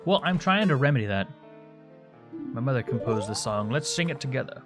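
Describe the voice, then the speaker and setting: With lively intonation and a mid-range voice, this man talks fairly quickly. He's streaming a video game from home, rambling casually to viewers mid-play over the game's music.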